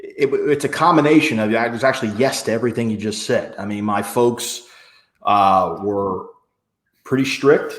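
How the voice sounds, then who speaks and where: A man in his forties, a podcast guest, telling his own stories in a lively conversational way and acting out what people said. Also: on the low side, normal speed. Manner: animated storyteller who acts out quotes in other voices. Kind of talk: conversational interview storytelling. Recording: roomy echo.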